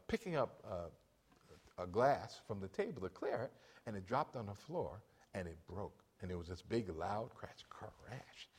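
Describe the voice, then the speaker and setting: A middle-aged pastor with a medium-pitched voice preaches a sermon in church, calling on the congregation for amens between his points.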